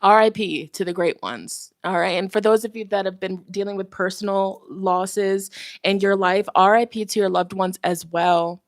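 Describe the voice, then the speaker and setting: A woman's voice: mid-range voice, normal speed, dry recording. Young woman chatting on her tarot live stream, laughs a lot, dry close sound. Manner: chatty and animated, laughs often, reads out the chat. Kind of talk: casual live stream chat.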